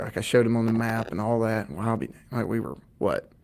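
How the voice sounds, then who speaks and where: A man's voice: fairly low pitch, fast talker, vocal fry. Rambling man telling a hunting story. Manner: animated, rambling storyteller with fillers. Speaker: podcast co-host. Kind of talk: casual storytelling chat.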